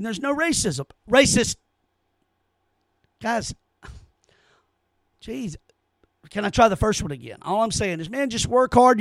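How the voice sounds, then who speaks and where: A man with a fairly high voice hosts his own commentary podcast and rants with heat and sarcasm, tripping over repeated words. The sound is close and dry, with no room echo. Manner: heated, sarcastic, stammering ranting. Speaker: podcast host.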